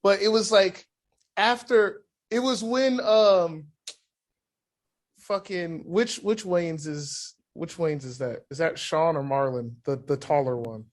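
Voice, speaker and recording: A podcast guest with a high voice for a man. He tells his stories in a profane, animated way and acts out the quotes in casual chat. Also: slow pace.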